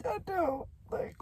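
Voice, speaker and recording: A young woman giving a candid personal confession, halting and emotional, with sighs and blunt swearing. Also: very high voice, slight background noise. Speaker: vlogger sharing a personal testimony.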